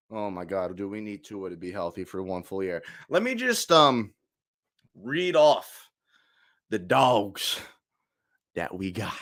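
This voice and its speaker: Excitable young man, lively and bright. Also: fairly low pitch, slow, creaky, pauses often. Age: 20s. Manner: emotional, swings from shouting to hushed murmurs. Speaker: sports fan streamer. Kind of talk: excited casual fan rant.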